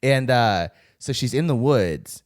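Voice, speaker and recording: Profane podcast host telling a story. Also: male voice, medium pitch, animated, takes it slowly. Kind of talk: casual chat.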